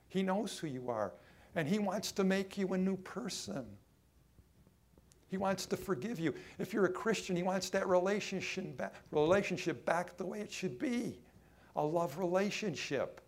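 A man preaching a sermon, emphatic, swinging between loud lines and hushed ones, drawing some phrases out. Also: a little high. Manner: acts out quoted voices in his own voice.

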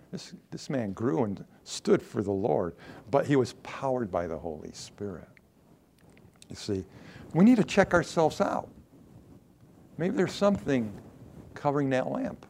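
A male pastor preaching a sermon, reading scripture aloud with dramatic quoted lines and dropping to a low, earnest voice. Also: gravelly, a little mellow, a little hiss or hum.

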